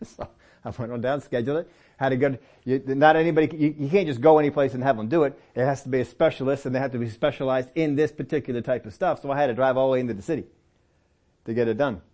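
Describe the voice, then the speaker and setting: A middle-aged man preaching a sermon, telling personal stories in a relaxed, conversational way and often rising in pitch to press a point. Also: quick pace. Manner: conversational storytelling with lively pitch swings and laughs. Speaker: pastor.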